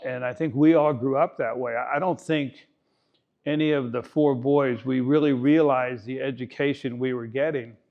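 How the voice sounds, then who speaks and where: A man's voice: mid-range voice, fairly even intonation, moderate pace, vocal fry. Man in his eighties, golf coach, folksy keynote storytelling, self-mocking humor, dull lo-fi recording. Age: 80s.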